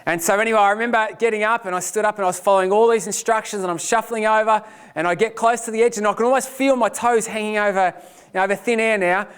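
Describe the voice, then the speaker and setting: A man giving a lecture, telling a personal story in an animated, self-deprecating way. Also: sits high, quick pace, smooth.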